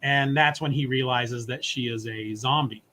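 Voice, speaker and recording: A man's voice: mid-range voice, a little hiss or hum. A man co-hosting a podcast, casually and animatedly retelling a comic story and briefly acting out its characters. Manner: animated retelling, voices characters in quick asides. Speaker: podcast co-host. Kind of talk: casual comic recap chat.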